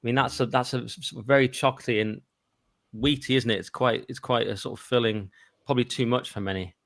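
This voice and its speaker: Rambling man reminiscing, mid pitch, dry. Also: steady tone, a little fast, a bit bright, dry recording. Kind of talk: casual chat. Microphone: remote video call.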